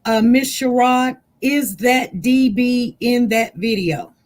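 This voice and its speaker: A man's voice: very high-pitched, takes it slowly, rough recording. A man acting as an attorney in a mock trial, questioning a witness over a video call with hesitant, filler-laden phrasing.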